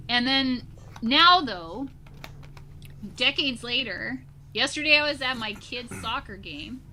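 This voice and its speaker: A woman in her forties speaks as a guest in a relaxed conversation. Her voice is bright and forward. She tells her stories in an animated way, full of "like" and "you know.". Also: fairly high pitch, slow pace, a little hiss or hum. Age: 40s. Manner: animated storyteller, many fillers like "like" and "you know". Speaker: guest, social emotional learning teacher. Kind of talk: casual conversation.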